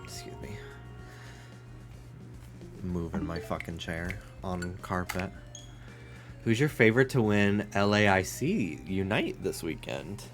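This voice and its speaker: A man streaming a game from his home office, chatting casually, swearing freely and cooing to his dog in high baby talk. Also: animated, takes it slowly, long pauses, over music.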